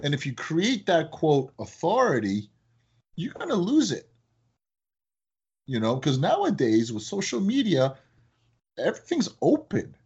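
A man who owns a business, chatting in a casual podcast and telling animated stories that act out his phone calls. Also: fairly high pitch, a little slow, long pauses, slightly rough, muffled recording. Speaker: business owner, guest.

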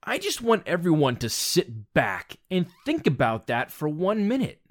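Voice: mid-range voice, huge pitch swings, a little slow. Blunt, exasperated ranting commentator. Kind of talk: opinion rant monologue.

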